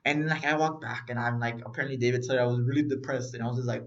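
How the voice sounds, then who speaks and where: A young man co-hosting a podcast, telling a story in casual chat, animated and swearing as he acts out what people said. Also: medium pitch, rapid-fire, few pauses. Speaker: podcast co-host. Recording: dull lo-fi recording.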